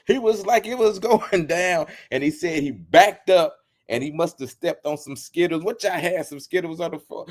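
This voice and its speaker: A man's voice: sits high, normal speed. A man hosting his channel, retelling a story with teasing jokes, repeating lines and acting out quotes. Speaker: channel host. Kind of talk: animated storytelling commentary.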